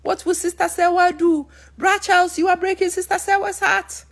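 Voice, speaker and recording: A woman's voice: very high-pitched, little pitch movement, moderate pace, voice pushed up. A woman voicing a man who preaches at a friend and scolds him, pleading and calling his name again and again. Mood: pleading scolding. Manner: pleading, repeating the name over and over.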